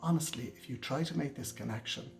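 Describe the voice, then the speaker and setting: A man giving a gentle, reassuring training talk to carers, speaking directly to his audience. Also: mid-range voice, brisk, vocal fry, soft background music. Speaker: care trainer. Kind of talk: instructional talk to camera.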